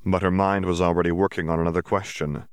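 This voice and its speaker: Male audiobook narrator; low, gravelly, steady and measured; dry booth sound. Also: dry recording. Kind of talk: scripted narration.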